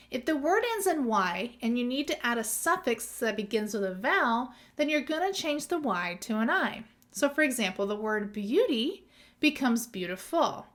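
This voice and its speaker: A woman's voice: sits high, fairly bright tone. A woman teaching as an exam tutor in a methodical lesson, spelling out words letter by letter. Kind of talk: scripted lesson.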